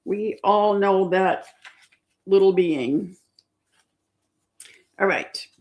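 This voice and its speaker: A woman's voice: medium pitch, extremely slow, darkish tone. A woman hosting a casual livestream trivia chat, patiently repeating each question and reading out viewers' answers. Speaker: livestream host.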